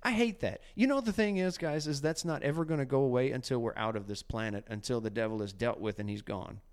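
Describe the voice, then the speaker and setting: A man hosting a casual faith podcast, talking in an animated, preachy way and often acting out quotes. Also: mid-range voice, quick pace, clean tone. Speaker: podcast host.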